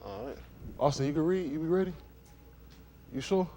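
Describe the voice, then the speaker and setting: A man from Miami leading a congregation, moving between prayer and lively, joking talk with loud exclamations, recorded in a synagogue hall during a livestream. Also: fairly high pitch, normal speed, slight background noise. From Miami, Florida. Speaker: congregation leader. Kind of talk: casual sermon talk and prayer.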